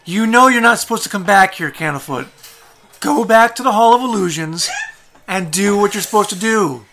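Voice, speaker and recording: A man voicing a frantic, pot-bellied male clown who yells in a flustered way. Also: high voice, very animated, moderate pace, creaky, heavily acted. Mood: exasperated. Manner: loud, flustered, yelling.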